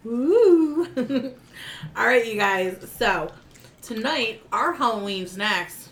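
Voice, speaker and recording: A woman co-hosting a casual group chat, blunt and quick to laugh. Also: mid-range voice, bright, forceful tone, echoey room. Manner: blunt, laughs easily, leads the topic. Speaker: co-host.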